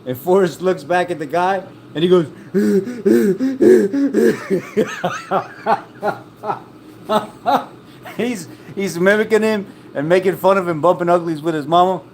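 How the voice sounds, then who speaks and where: A man's voice: high voice, slow pace, a little hiss or hum. A man chatting casually and rambling from one joke to the next, laughing at his own stories. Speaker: vlogger. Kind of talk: casual chat.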